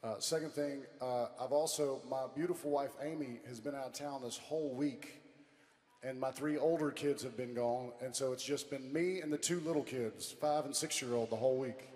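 A middle-aged man leads loud, playful stage banter as a band frontman, hoarse from losing his voice. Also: mid-range voice, moderate pace. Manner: loud, playful crowd hype. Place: large outdoor stadium stage. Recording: echoey live arena with crowd.

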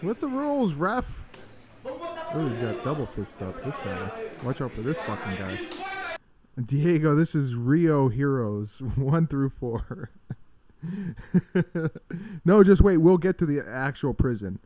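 Laid-back male streamer, lively swooping delivery, crude and giggly, slow talker. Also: on the high side. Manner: profane, laughs often, breaks into excited shouting. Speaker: streamer commenting on fight videos. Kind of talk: casual live-stream fight commentary.

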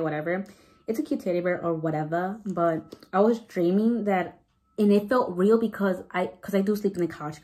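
A woman's voice: lowish voice, dark tone, rough recording. A pregnant young woman chatting casually to her viewers, rambling with lots of "like" and restarts and slipping Spanish words in. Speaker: vlogger. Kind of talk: casual storytime chat.

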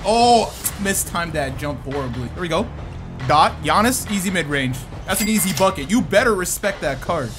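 A man giving lively commentary over his own basketball video game match, talking to himself and his viewers and breaking into sudden shouts. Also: high-pitched, moderate pace, over music. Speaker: gaming YouTuber. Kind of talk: live gameplay commentary.

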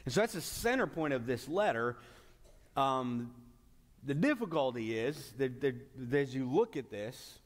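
Male pastor, mid-pitch, earnest and emphatic with frequent restarts, preaching in a long-reverb hall. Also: sing-song. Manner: earnest, repetitive restarts, drawn-out emphatic words. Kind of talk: sermon. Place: church sanctuary.

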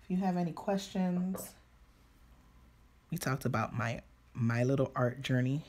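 A woman's voice: extremely low pitch, lively intonation, unhurried, darkish tone. A woman chatting casually with live viewers while she paints, laughing easily and making self-deprecating asides. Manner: talks to viewers while working, trailing off between remarks. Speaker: painting tutor on a live stream.

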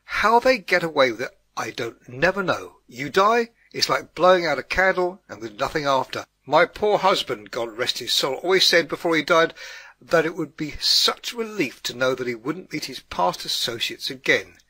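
A man voicing a loud, coarse middle-aged woman who yells and scoffs like a brash gossip. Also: a little high, sing-song, moderate pace, slightly rough, dry recording, full character voice. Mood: brash yelling. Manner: yelling, brash and scornful.

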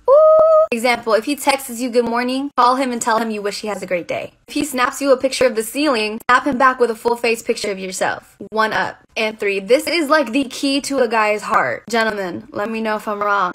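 A woman's voice: a little high, a bit bright, no echo. A young woman giving casual dating advice straight to camera, sassy and direct, calling her listeners sis.

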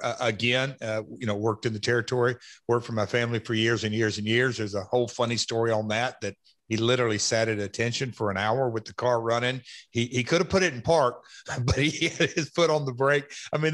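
A middle-aged man who hosts a podcast, recalling old days in an animated, rambling way. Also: medium pitch. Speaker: podcast host and former wrestler. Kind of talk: casual podcast chat.

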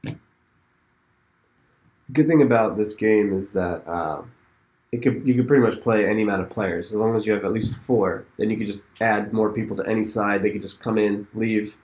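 A man's voice: fairly low pitch, moderate pace, darkish tone. A man hosting a casual online game session, thinking aloud and hesitating over his moves. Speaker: host. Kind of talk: casual commentary while playing an online game.

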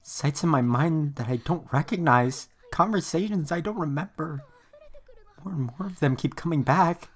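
A woman's voice: sits low, moderate pace, husky. Emilia, a hurt young half-elf girl. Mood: quiet troubled. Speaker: anime dub character. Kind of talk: anime dub acting.

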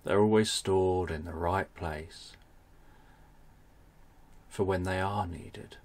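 A man's voice: deep voice, steady tone, slow pace, darkish tone. A man voicing a wise, drowsy dragon in a bedtime story, speaking in a sleepy, soothing way. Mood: calm.

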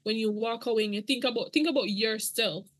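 A middle-aged woman speaks as an interview guest. She is earnest and emotional, and she uses a church-toned way of speaking. Her voice sits a little high, and the sound is dry and close. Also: fairly quick, no room sound. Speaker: guest sharing her story. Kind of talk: podcast interview testimony.

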